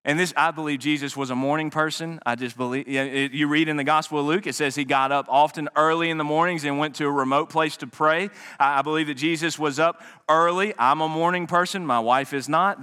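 A man preaching a sermon with passion, swinging from loud rises to hushed, quiet drops. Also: on the high side, smooth. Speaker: pastor.

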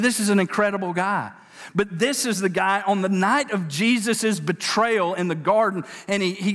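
A man preaching with a fairly high voice, talking in a quick, chatty way with asides and stumbling restarts. His voice rings out with the long reverb of a big hall. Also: fairly bright tone. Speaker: pastor. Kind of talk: sermon.

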